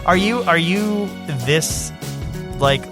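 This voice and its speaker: A man co-hosting a podcast in casual chat, rambling through stumbles and restarts, laughing often and dropping into quick put-on voices. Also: sits high, over music. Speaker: podcast co-host.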